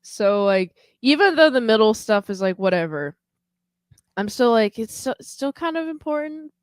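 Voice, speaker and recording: A woman's voice: a little high, big pitch swings, moderate pace, clear, resonant tone, no room sound. A woman co-hosting a podcast in casual chat, rambling and hedging with lots of filler words. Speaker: podcast co-host.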